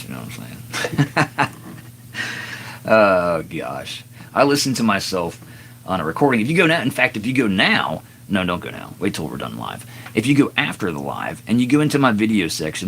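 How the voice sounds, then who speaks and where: A raspy, middle-aged singer-songwriter chatting earnestly and self-deprecatingly on his live stream between songs. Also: low voice, sing-song, moderate pace, a bit bright, slight background noise.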